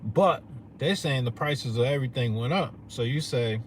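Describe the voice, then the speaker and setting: Addressing his audience, a male vlogger goes on a cursing, slang-heavy, rambling rant, peppered with "you know what I'm saying." He speaks at medium pitch and moderate speed, with a little noise in the background.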